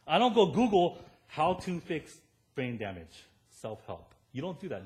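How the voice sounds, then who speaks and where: Animated male pastor preaching a sermon. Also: on the high side, unhurried. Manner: animated storytelling, rising to loud emphatic peaks, tag questions "right?"; self-deprecating humor. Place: church.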